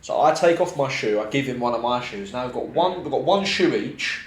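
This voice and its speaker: A young man, a podcast host telling a story casually, animated and full of swearing and slang. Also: mid-range voice, brisk. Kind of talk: casual chat. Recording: roomy echo, faint background noise.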